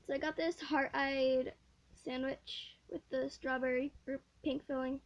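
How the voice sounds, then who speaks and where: A teenage girl unboxing a package for her vlog, excitable and giggly, gushing over each item in casual chat. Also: high voice, normal speed, low-quality recording. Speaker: vlogger.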